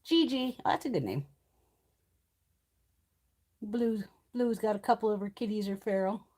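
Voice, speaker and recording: A woman's voice: mid-range voice, measured pace, a little mellow. A woman hosting a live stream from home, chatting casually, swearing freely and laughing often. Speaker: livestream host. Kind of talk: casual chat.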